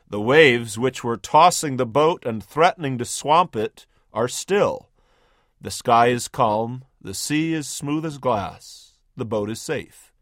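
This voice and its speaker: A man's voice: mid-range voice, dry recording, clean studio sound. A man hosting a radio sermon, narrating a story vividly in the second person with emphatic, scripted delivery. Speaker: radio preacher, host.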